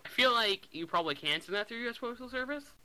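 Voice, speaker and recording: A young man from the Boston area, rambling and excitable as he co-hosts a podcast chat. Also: very high-pitched, smooth, rough recording. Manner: rambling, excitable, quick to laugh. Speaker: podcast host. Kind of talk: casual chat.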